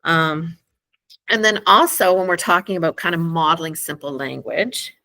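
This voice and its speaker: A woman's voice: on the low side, bright, forceful tone. A woman explaining language-development strategies to parents in a casual teaching talk. She uses many fillers and hedges like "um" and "kind of," and she stretches out short child-directed example phrases. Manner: acts out slow, emphatic child-directed examples. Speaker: school speech-language educator. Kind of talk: informal teaching presentation for parents.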